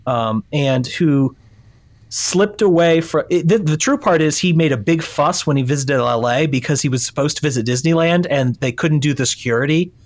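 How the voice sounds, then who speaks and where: Brief: man in his thirties, podcast guest, slightly higher voice, loose rambling storytelling. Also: normal speed. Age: 30s. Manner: rambling storyteller with many fillers. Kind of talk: casual chat.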